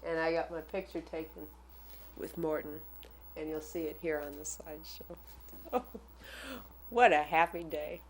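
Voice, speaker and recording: Lower-voiced woman telling a fan story. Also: unhurried, long pauses, slight background noise. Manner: animated, acts out the voices of the people in her story. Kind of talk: casual personal storytelling.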